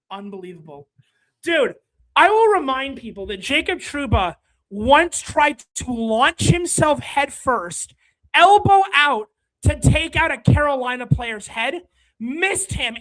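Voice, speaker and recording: A high-voiced stream host talks hockey in casual livestream chat. The talk runs as an exasperated rant that keeps tipping into shouts, with quick apologies to viewers. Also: big pitch swings, poor audio. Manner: ranting, exasperated, swings into shouting.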